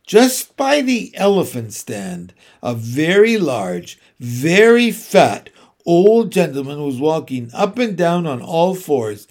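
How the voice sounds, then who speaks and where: Slow, expressive male storybook narrator. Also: on the high side. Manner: unhurried, expressive reading. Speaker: audiobook narrator. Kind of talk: storybook read aloud.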